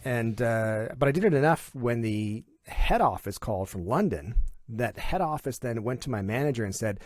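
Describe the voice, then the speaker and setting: A middle-aged man from Canada, chatting casually and telling animated stories, slipping into playful impressions. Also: medium pitch, normal speed, dry recording, studio quality. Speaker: comedian and voiceover artist as guest. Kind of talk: casual chat.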